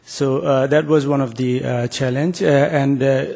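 A man's voice: medium pitch, fairly even intonation, a little slow, vocal fry, a little mellow. A man presenting a research project in an academic talk, hesitant, with many filler sounds and restarts.

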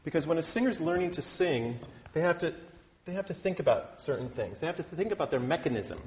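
A man's voice: a little high, lively intonation, fast talker. A man from the US Midwest teaches opera singers in a chatty, self-deprecating way, gesturing as he talks. His voice carries a long reverb from a hall. The recording sounds a little dull. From Iowa, US Midwest. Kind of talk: lecture-demonstration.

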